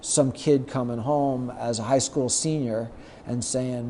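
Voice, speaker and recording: Middle-aged man telling a lively story. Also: medium pitch, a little slow, a little hiss or hum. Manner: lively anecdotes, acts out quoted lines. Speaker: guest, sports marketer. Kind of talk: storytelling in a podcast interview.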